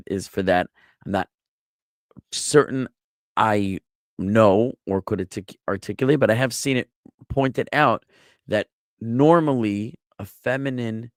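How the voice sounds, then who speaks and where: A rabbi giving an online Bible Hebrew lesson, explaining step by step in a patient way with small jokes. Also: male voice, lowish voice, no room sound, studio quality. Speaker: rabbi teaching a Hebrew class.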